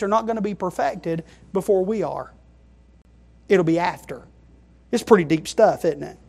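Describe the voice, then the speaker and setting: A man preaching a sermon, emphatic, moving between quiet asides and loud stressed phrases and often checking in with the congregation. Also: high voice, expressive, normal speed, vocal fry, long pauses. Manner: emphatic, keeps checking in with "okay?".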